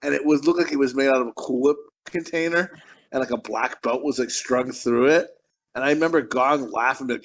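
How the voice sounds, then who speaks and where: Podcast guy rambling through a dumb story, swearing a lot, voice a bit high and all over the place. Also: big pitch swings, fairly quick, creaky, fairly bright tone, slight background noise. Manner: rambling, profane storytelling with frequent laughs. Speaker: podcast co-host. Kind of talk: casual chat.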